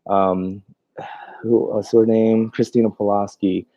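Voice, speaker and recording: With a fairly low, level voice and a slow pace, a man who grooms dogs on the go chats on a livestream and reads out comments from viewers. He laughs often and rambles in loose bursts full of fillers and restarts, and the dry recording has its highs cut off.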